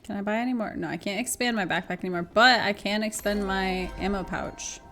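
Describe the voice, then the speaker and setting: A woman's voice: mid-range voice, a little fast, pushed and bright. A woman streaming a game live, chatty and giggly, talking to her viewers and swearing now and then. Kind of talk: casual chat while gaming on stream.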